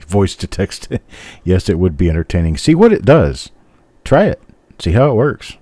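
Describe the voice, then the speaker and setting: Chuckling frequently, this older host of a live coin roll hunt stream chats casually with viewers, wandering easily from topic to topic in a general American accent. His low, mellow voice is very animated and moderately paced, with no room sound.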